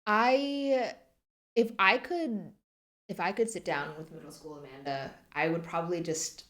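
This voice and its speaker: A young woman in her twenties speaks as a podcast guest, her voice sitting low. She talks in a soft, reflective way, pausing often and leaning on fillers as she thinks aloud. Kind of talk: podcast interview.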